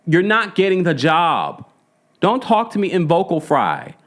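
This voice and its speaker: A man's voice: high voice, wildly swooping pitch, unhurried, a bit bright. A man hosting a casual, opinionated recap of a reality show, talking emphatically and mimicking the people he discusses.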